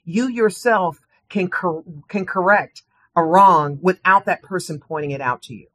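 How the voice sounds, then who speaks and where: A woman who trains professionals, giving earnest, measured advice as a guest in an interview. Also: lowish voice, no room sound.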